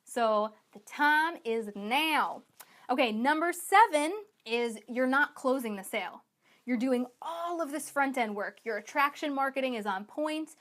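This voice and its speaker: A woman business coach giving an online sales training talk in an energetic, emphatic, chatty way, acting out her clients in quick asides. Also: high-pitched.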